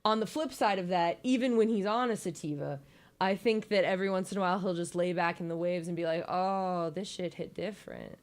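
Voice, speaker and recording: A woman's voice: fairly low pitch, quick pace. A young woman giving a casual, joking slideshow presentation, playful and giggly with lots of ums.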